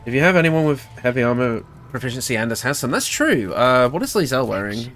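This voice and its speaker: British guy thinking out loud on a game stream, very animated, laughs a lot. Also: mid-range voice, quick pace, faint music behind. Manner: thinks aloud, chatty, laughs often. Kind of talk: casual gameplay livestream commentary.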